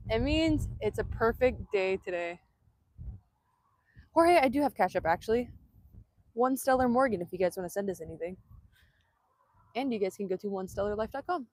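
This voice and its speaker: Brief: upbeat woman live-streaming outdoors on a phone, slightly high voice, close and dry, talks excitedly and laughs often. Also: normal speed, long pauses, no echo. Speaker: vanlife vlogger. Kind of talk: casual live-stream chat. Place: outdoors in Hawaii.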